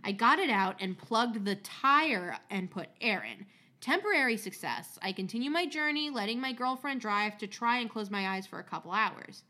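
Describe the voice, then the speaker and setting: A woman with a slightly high voice reads a story aloud on a podcast. She keeps it casual and chatty, swears freely and laughs at her own asides. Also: big pitch swings, normal speed, bright, forceful tone.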